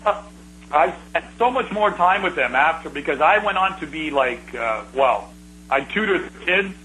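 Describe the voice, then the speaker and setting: Middle-aged man, fairly high bright voice, animated rambling storyteller, faint background hiss. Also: moderate pace, rough recording. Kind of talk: casual reminiscing conversation.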